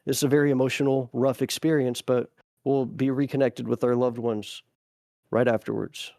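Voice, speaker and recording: A man's voice: medium pitch, level tone, moderate pace, vocal fry, mellow, no echo, studio quality. A man in a podcast conversation, speaking thoughtfully and reflectively and working through ideas with analogies.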